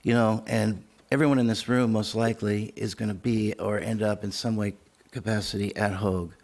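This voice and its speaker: A man's voice: on the low side, a little mellow. A man on a city council speaking with emotion and passion at a public meeting. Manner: emotional, impassioned.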